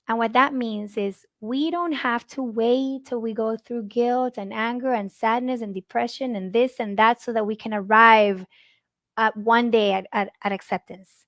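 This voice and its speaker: A woman's voice: a little high, fairly bright tone, dry recording, studio quality. Earnest Spanish-speaking woman giving a heartfelt talk. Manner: earnest, repeats words when searching for them. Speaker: conference speaker.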